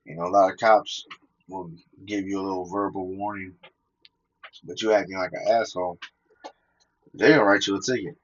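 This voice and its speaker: A man's voice: deep voice, fairly even intonation, moderate pace, pauses often, slight background noise. Laid-back cursing man, lo-fi sound. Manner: laid-back and profane, laughing between points. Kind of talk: casual monologue mixing stories and scripture.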